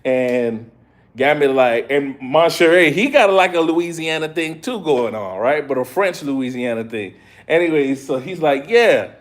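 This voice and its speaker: A man giving a casual live review of an episode, retelling scenes in an excitable, slangy way. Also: a little high, measured pace. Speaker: show reviewer.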